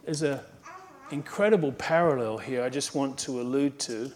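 A man's voice: medium pitch, normal speed, a little mellow, a little hiss or hum. A man preaching a sermon as pastor, emphatic, building to fervent exhortation and repeating phrases in rhythmic lists.

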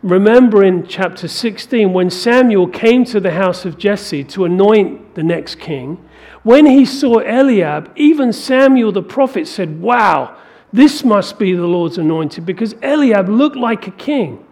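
A man with a high voice delivering a sermon. His preaching is emphatic, rising to forceful peaks as he drives each point home. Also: animated, a little slow.

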